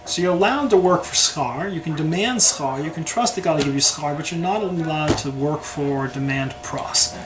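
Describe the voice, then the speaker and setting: A man's voice: a little high, normal speed, few pauses. A man teaching a conversational Torah class who keeps checking in with his listeners by asking "right?". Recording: steady background noise.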